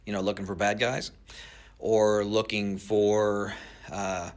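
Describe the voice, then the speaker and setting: A plainspoken man who works with drones, explaining their uses in an interview clip. His voice sits fairly low, and he pauses often with "uh" and "um" as he goes. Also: flat delivery. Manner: plainspoken, hesitant. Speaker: drone industry expert.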